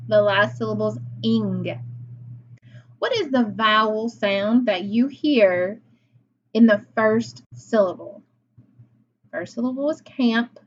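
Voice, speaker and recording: A woman teacher leading a phonics lesson for young children, slow and encouraging, pausing for their answers. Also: fairly high pitch. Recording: slightly dull lo-fi sound with faint noise.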